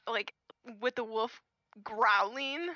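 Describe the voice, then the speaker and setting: A woman playing in a tabletop game, chatting in a slow, giggly, drawn-out way. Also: fairly high pitch, bright, forceful tone, no room sound, muffled recording. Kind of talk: casual game chat.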